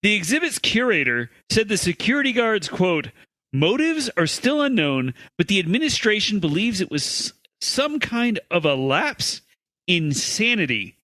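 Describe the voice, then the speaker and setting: A man's voice: high voice, sing-song, normal speed, pushed and bright, no echo. A man co-hosting a comedy podcast, reading out odd news stories with dry asides. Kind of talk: casual comedy chat.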